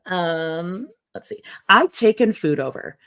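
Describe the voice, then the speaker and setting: Lower-voiced woman podcast co-host. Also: lively intonation, slow pace, fairly bright tone. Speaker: podcast co-host reading a memoir aloud. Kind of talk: casual chat and reading aloud.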